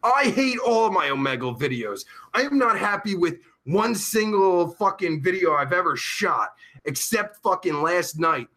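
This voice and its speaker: A man hosting a live stream in crude, rowdy casual chat, shouting greetings to his viewers and sounding tired. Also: high voice, animated, measured pace.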